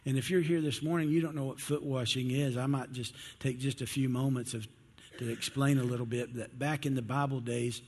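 A man's voice: medium pitch, steady tone, fairly quick, darkish tone, in a large hall, a little hiss or hum. A man preaching a sermon in a folksy, storytelling way, acting out the disciples as he retells the scene.

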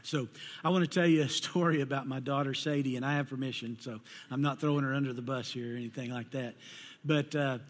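A man's voice: medium pitch, steady tone, fast talker. A middle-aged man preaching a sermon, telling folksy personal stories and acting out the voices of the people in them. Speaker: pastor. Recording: long hall reverb.

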